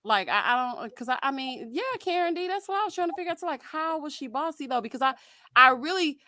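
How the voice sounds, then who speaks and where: A woman hosting a live stream, chatting about a reality show in a sassy, animated way, calling her viewers "honey" and "child.". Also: high-pitched, fast, no room sound. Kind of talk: casual reality TV commentary.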